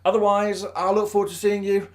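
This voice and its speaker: A man's voice: high-pitched, a little fast. A man, a teacher and video host, telling a story in a chatty, self-deprecating way and acting out the dialogue. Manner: animated, acts out dialogue in quotes. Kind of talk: casual storytelling to camera.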